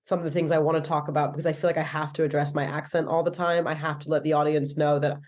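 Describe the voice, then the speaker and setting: A woman's voice: deep voice, little pitch movement, fast talker, a little mellow. Chatty American-accented woman comedian. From England. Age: 30s. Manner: chatty, many "like"s and self-corrections. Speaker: stand-up comedian. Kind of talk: casual interview chat.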